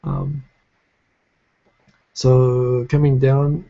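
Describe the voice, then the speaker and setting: A man's voice: medium pitch, huge pitch swings, drawn-out words, gravelly, dark tone, lo-fi sound. A man with a faded New Zealand accent hosting a live show, chatting casually and reading comments, rambling with lots of fillers and restarts.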